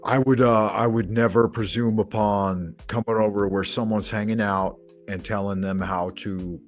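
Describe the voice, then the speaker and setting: A man's voice: lowish voice, steady tone, normal speed, faint music behind. A man hosting a livestream, chatting casually with viewers in crude, profane banter. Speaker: livestream host.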